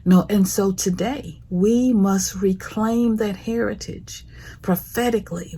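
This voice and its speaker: A woman hosting her own show, giving a slow, affectionate prophetic message that often sinks into a whisper. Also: mid-range voice, mellow. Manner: slow, breathy, drifts into whispers; affectionate, calls listeners honey and baby. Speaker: host. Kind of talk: prophetic motivational monologue.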